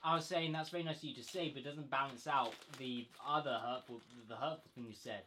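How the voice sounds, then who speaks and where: Bright-voiced young man hosting, teasing. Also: mid-range voice, quick pace, slight background noise. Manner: teasing, mock-offended. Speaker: host. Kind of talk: casual chat among friends.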